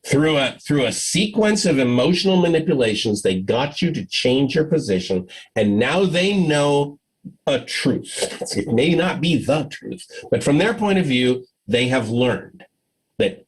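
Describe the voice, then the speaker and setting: Animated husky-voiced man giving a talk. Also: mid-range voice, a little slow, poor audio. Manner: animated storyteller, acts out dialogue, laughs often. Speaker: conference speaker. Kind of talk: conference talk with Q&A. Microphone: video call.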